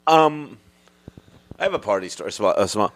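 A man's voice: lowish voice, animated, brisk. A man appearing as a guest on a casual podcast, dry and teasing as he tells a party story.

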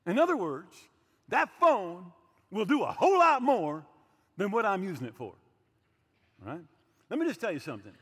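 A man's voice: high-pitched, fairly bright tone, in a large hall. A man in his sixties preaching a sermon emphatically, with light humorous asides. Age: 60s. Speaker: pastor.

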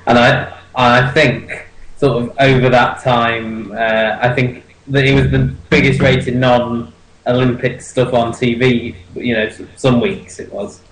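A man's voice: medium pitch, little pitch movement, a little slow, reverberant, a little hiss or hum, rough recording. A man co-hosting a casual chat, easygoing and a little hesitant. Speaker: podcast co-host.

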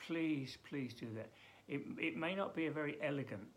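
A man as pastor giving an earnest daily Bible devotional, emphatic and halting with frequent restarts. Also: fairly high pitch, a little hiss or hum.

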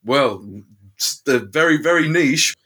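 A man's voice: a little high, expressive, a little slow, bright, forceful tone, breathy edge. Hesitant British man chatting. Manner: rambling, hesitant, many restarts. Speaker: podcast co-host and author. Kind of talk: casual conversation.

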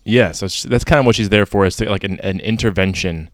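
A man co-hosting a casual book discussion, talking in a relaxed, conversational way. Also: lowish voice, quick pace, dry recording, clean studio sound. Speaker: podcast co-host.

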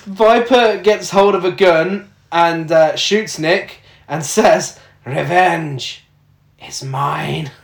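A man casually recapping a film plot with laughter, doing quick silly voices for the quotes. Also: sits high, roomy sound. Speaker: podcast co-host recapping a film. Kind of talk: casual comedic chat.

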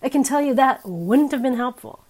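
A woman in her fifties preaching a sermon in a candid, wry, conversational way, her pitch and loudness swinging widely. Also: expressive, normal speed.

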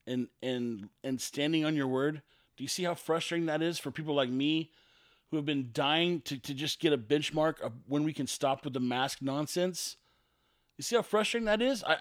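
A man's voice: a little high, dry recording, clean studio sound. A man hosting a solo podcast, ranting in a sarcastic, exasperated way and repeating himself for emphasis. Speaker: podcast host.

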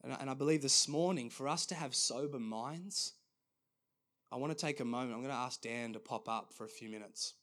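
Male pastor, mid-range voice, earnest sermon with halting restarts. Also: medium pitch, fairly bright tone.

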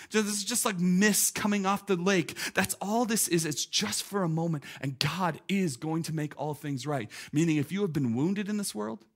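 A man in his thirties, a pastor preaching a conversational, lively sermon full of "like" and "listen". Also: on the high side, husky. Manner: conversational, animated, peppered with "like" and "listen".

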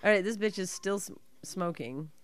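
Woman, podcast co-host, casual movie riffing, profane, sarcastic, mid pitch. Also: lively intonation, normal speed, clear, resonant tone, dry recording. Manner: profane, sarcastic, laughs often. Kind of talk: casual watch-along chat.

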